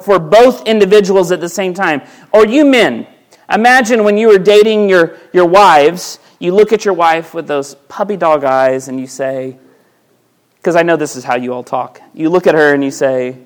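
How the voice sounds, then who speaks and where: A man's voice: sits high, normal speed. A male pastor preaching a sermon in a conversational way, asking his listeners rhetorical questions and restarting phrases by repeating words. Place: church sanctuary.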